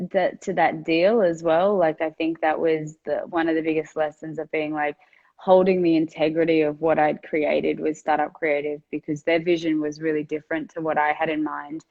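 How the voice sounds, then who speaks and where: A woman's voice: low-pitched, vocal fry, highs cut off. A woman entrepreneur telling a candid, reflective story in an interview, with a conversational style full of fillers. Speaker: entrepreneur guest.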